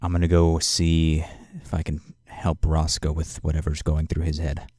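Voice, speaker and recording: A man playing a tabletop role-playing game, speaking in character in a measured, deliberate way. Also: rumbling low, completely flat delivery, warm tone, no room sound, clean studio sound. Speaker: player.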